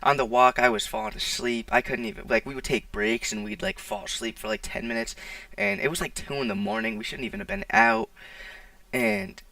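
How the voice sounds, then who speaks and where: A man's voice: high voice, big pitch swings, brisk, creaky, sharp tone, dry recording. A teenage boy telling a casual storytime, rambling with lots of "like" and restarts, recorded on a poor mic. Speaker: vlogger. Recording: distant, dry, poor-quality mic.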